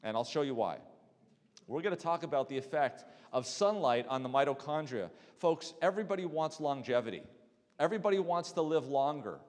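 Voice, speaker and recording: A man's voice: fairly high pitch, expressive, brisk. A middle-aged man, a sleep specialist, lecturing a church audience in a conversational way and asking the room questions. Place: lecture hall. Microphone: handheld mic, swapped mid-talk. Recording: long hall reverb.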